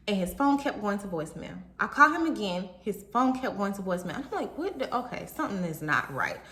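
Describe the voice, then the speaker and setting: Young woman, casual storytelling, animated, mid pitch, echoey room. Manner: animated, talks straight to viewers. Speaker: vlogger. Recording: roomy echo.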